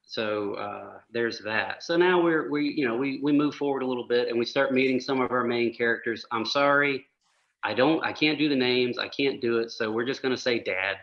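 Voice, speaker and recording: A man hosting a casual movie podcast, joking and recapping plots with quick asides. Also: medium pitch, highs cut off. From United States. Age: older than the other hosts. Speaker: podcast host.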